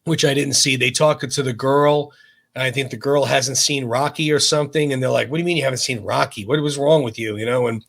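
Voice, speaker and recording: A man's voice: mid-range voice, fairly even intonation, fairly quick, gravelly, a bit bright. A man co-hosting a podcast in casual chat, recounting pop-culture references with amused asides. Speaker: podcast co-host.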